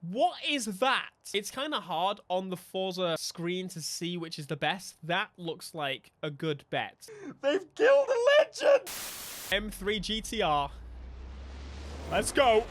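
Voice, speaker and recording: A young man, giving animated, jokey live gameplay commentary as a streamer, with sudden bursts of mock outrage. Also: high-pitched, unhurried, few pauses. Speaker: gaming streamer.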